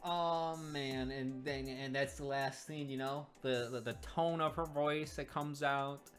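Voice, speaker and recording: A woman giving excitable, rambling reaction commentary while reviewing a comic, often restarting her sentences. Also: very deep voice, measured pace, faint music behind.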